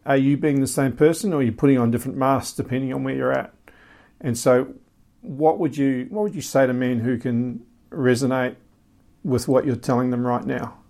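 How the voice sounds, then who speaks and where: A man's voice: mid-range voice, fairly even intonation, normal speed, creaky, mellow. A man hosting a podcast for men, encouraging his guest and asking probing questions. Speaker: podcast host. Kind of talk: interview podcast.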